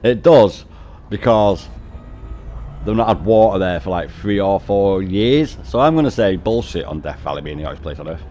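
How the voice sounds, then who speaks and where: Chatting on a game stream, a middle-aged man from the UK laughs a lot and swears often, speaking with a British English accent. His low, warm voice has lively intonation at a normal speed, and there's slight background noise.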